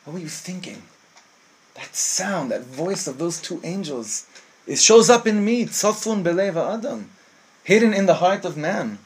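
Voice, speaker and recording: A man giving an impassioned Torah sermon, teaching rabbinic texts and quoting them aloud, with a husky voice. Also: high voice, sing-song, a little slow. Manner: impassioned, mixes Hebrew phrases, acts out angel voices.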